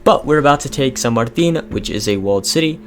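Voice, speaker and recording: A young man giving casual, excitable commentary over a strategy game, reading game events aloud. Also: mid-range voice, quick pace, a little hiss or hum. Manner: chatty, excitable, reads in-game text aloud. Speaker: gaming video host. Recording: faint music behind.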